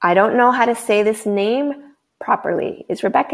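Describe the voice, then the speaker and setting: A woman's voice: medium pitch, moderate pace, creaky. A woman hosting a live webinar as a coach, talking in an effusive, bubbly way over a computer mic. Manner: effusive, bubbly, breathless excitement.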